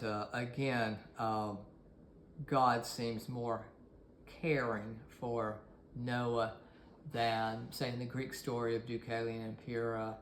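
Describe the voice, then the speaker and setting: A man's voice: mid-range voice, roomy sound, slight background noise. A man giving a recorded course lecture, talking in a hesitant way with many fillers and restarts.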